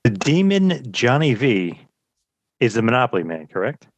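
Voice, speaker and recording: A man's voice: mid-range voice, big pitch swings, moderate pace, highs cut off. A man co-hosting a podcast, making wry, offhand asides. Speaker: podcast co-host. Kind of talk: casual podcast chat.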